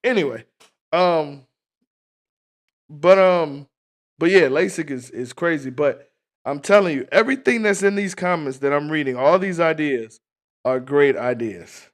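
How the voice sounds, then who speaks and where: Animated, profane male storyteller. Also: fairly high pitch, moderate pace. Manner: animated, profane storyteller who acts out scenes. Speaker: livestream host. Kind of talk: casual storytelling to a live chat.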